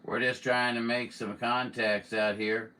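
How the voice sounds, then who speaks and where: A man working as an amateur radio operator, calling for contacts and drawing out his call signs slowly. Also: medium pitch, flat delivery, bright, forceful tone. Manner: slow, drawn-out call signs. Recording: voice a bit far from the mic, faint hiss.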